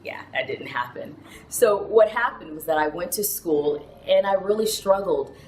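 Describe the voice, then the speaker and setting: A chatty, animated woman, a TV news anchor, telling her personal story and laughing often. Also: on the low side, normal speed, roomy sound, slight background noise, low-quality recording. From Houston, Texas, with Ghanaian roots.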